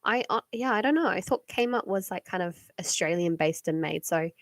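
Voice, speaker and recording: A woman's voice: on the low side, lively intonation, moderate pace, no room sound, studio quality. Chatty New Zealand woman on a livestream. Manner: rambling, many "like" and "um" fillers, giggly. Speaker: livestream card reader. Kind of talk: casual live-stream chat. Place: home at night.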